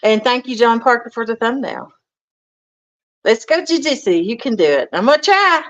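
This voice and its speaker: A woman's voice: a little high, animated, normal speed. A woman hosting a casual livestream from a home kitchen, greeting viewers and reading out their comments in a folksy, chatty way. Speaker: livestream host. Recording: dull lo-fi stream audio.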